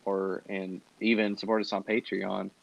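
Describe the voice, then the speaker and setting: Male podcast co-host, gravelly, lowish voice, dull lo-fi mic. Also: little pitch movement, normal speed. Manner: laid-back, swearing. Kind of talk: casual chat.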